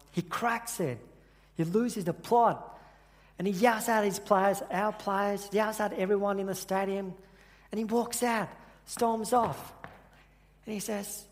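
A man giving an earnest sermon at church, telling a personal story and often restarting his sentences. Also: high-pitched. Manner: earnest, halting with repeated restarts. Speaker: church speaker. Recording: echoey hall with long reverb.

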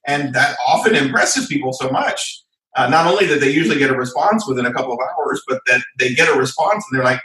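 A man guest chatting casually in an interview, telling stories in an animated way and acting out the people he quotes. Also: medium pitch, fast talker, reverberant, far from the mic, low-quality recording. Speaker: podcast guest, software company founder.

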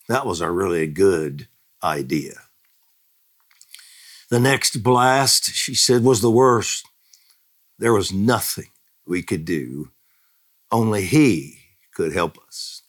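A male pastor with a lowish voice reads a testimony slowly and deliberately. He delivers it as a dramatic devotional reading that jumps up in pitch and volume on the quoted shouts and prayers. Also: lively intonation. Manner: dramatic reading that climbs high and loud on quoted cries. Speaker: pastor leading a daily prayer broadcast.

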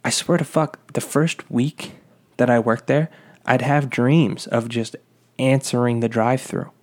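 A young man ranting casually, telling a profane, rambling, exasperated story about a fast-food job. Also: medium pitch, steady tone.

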